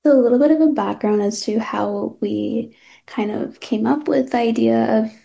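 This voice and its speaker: On a video call, a young woman casually presents her startup's product, speaking at normal speed in a mellow, creaky voice on the high side. She's hesitant, uses lots of fillers, and tends toward upspeak.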